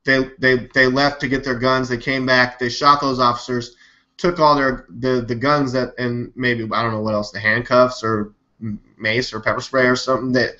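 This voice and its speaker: A man hosting a live news stream, talking in a rambling, animated, skeptical way and swearing now and then. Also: mid-range voice. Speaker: live news show host. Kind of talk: casual live-stream commentary. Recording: dull lo-fi webcam audio.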